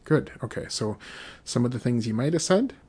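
A man teaching a podcast language lesson, saying each phrase slowly several times, then giving the meaning and explaining the grammar in a relaxed, casual way. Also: mid-range voice, breathy edge. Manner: slow, repeated drilling of phrases.

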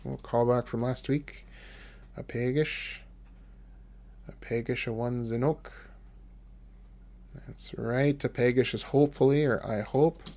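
Male language teacher, mid-range voice with gravel, patient and repetitive, recorded close on a desk mic. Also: medium pitch, steady tone, darkish tone. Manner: patient, repeats phrases slowly for learners. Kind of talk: podcast language lesson. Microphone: desk microphone.

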